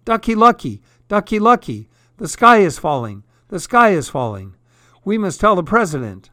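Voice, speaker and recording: A man voicing a frantic, dim-witted hen in a storybook reading, crying out in loud panicky bursts. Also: sits high, very animated, normal speed, no echo, studio quality, voice pushed up, exaggerated voice. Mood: panicked. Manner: loud panicky repeated cries.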